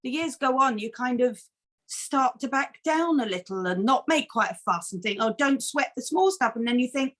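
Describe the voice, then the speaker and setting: Earnest, animated middle-aged woman. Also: sits high, normal speed. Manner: earnest, animated storytelling with many restarts. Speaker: foster carer and campaigner. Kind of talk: interview answers.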